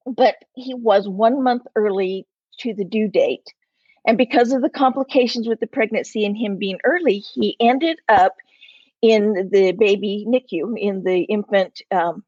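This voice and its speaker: A woman in her sixties, an interview guest, telling a personal story in an animated way and acting out the voices in it. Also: mid-range voice, dry recording. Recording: slightly muffled, lo-fi.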